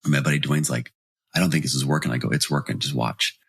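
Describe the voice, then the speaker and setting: A low-pitched man in his forties with a husky edge tells stories as a guest on an interview podcast. He jumps into the voices of the people in his tales. The sound is close and dry, with no room around it. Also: fast, no room sound. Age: 40s. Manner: animated storyteller, acts out quoted voices.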